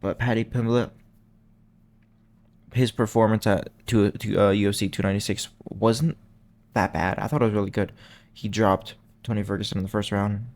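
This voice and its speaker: A man's voice: fairly low pitch, steady tone, moderate pace, a little mellow. A young man hosting a channel, talking in a casual, rambling way that is full of slang and self-corrections. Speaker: MMA channel host. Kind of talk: casual chat.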